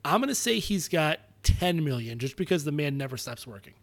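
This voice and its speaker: Man, podcast co-host, casual chat, rambling, jokey, slightly high voice. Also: big pitch swings, fairly quick.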